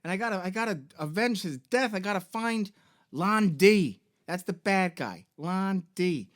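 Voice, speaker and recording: A brash, foul-mouthed teenage video game hero, hot-headed and bent on payback, as a man puts him on. The voice sits high and stays casual, close to an everyday voice. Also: expressive, unhurried, a bit bright. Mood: determined. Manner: profane, brash.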